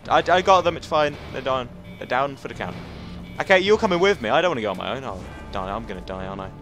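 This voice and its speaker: A man's voice: mid-range voice, fast talker, over music. Chatty man commentating a video game. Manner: chatty, excitable outbursts, self-mocking. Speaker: let's play commentator. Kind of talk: casual gameplay commentary. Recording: game audio noise under the voice.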